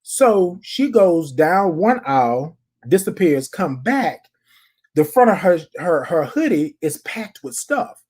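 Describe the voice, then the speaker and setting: A podcast host telling a story casually, animated, repeating phrases and talking straight to the listeners. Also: mid-range voice, takes it slowly, breathy edge.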